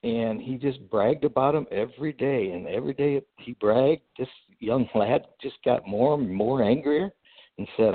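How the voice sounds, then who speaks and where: A man in the middle of his range tells a personal story with lively energy, stumbling through fillers and restarts as he builds it. His voice comes through a thin, tinny, phone-like line. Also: medium pitch, moderate pace, breathy edge. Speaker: guest entrepreneur. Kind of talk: storytelling in a podcast interview.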